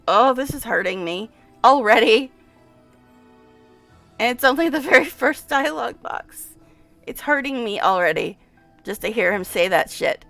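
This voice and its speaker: A woman's voice: fairly high pitch, expressive, normal speed, creaky, long pauses, fairly bright tone, faint music behind. A woman giving casual let's-play commentary and reading game text aloud, distressed and exasperated, sighing and repeating herself. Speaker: game streamer.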